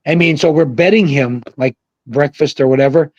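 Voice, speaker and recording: An older man, a former pro bowler, telling rambling, animated stories over a video call and shouting out the quoted lines. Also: fairly high pitch, moderate pace, no room sound, highs cut off. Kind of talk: casual storytelling on a livestream. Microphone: video call mic.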